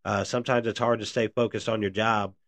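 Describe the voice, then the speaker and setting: A man's voice: fairly low pitch, flat delivery, fairly quick, creaky, fairly bright tone, dry recording. A man hosting a casual solo podcast, rambling with lots of fillers and calling his listeners "man" and "guys.". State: briefly out of breath. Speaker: podcast host.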